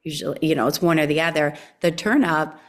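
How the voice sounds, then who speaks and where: A woman's voice: sits low, quick pace. A woman attending an online talk, sharing a casual thought in a hesitant, polite way. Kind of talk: casual chat.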